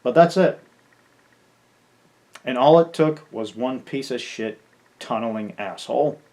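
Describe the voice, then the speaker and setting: A man's voice: mid-range voice, expressive, unhurried, a little mellow. A gaming content creator venting in an angry farewell rant, swearing and stumbling over his words.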